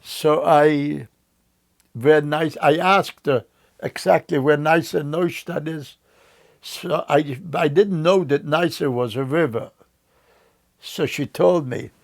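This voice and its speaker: An older man recounting memories in an interview, telling his story in a slow, halting way with frequent restarts. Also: on the high side, vocal fry.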